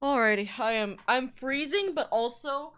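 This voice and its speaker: A woman's voice: high voice, normal speed, fairly bright tone, clear, resonant tone. A woman streamer chatting casually on a live stream, rambling with asides while reading out and thanking chat messages. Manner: rambling, self-interrupting asides. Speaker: VTuber streamer.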